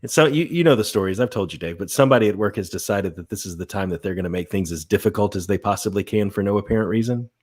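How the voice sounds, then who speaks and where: A man's voice: on the low side, fast, hardly any pauses, a little mellow. A man co-hosting a podcast in casual chat, teasing his partner and giving earnest little speeches. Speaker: podcast co-host.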